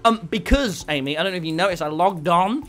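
A young man streaming a game in casual chat, loud and brash, swearing and swinging into shouts. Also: sits high, expressive, fast talker, faint music behind. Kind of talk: casual gaming livestream chat.

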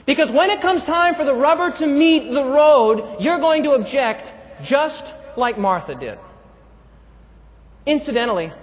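Man, preacher, live sermon, very high pitch, animated, call-and-response, long hall reverb. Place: large hall with audience.

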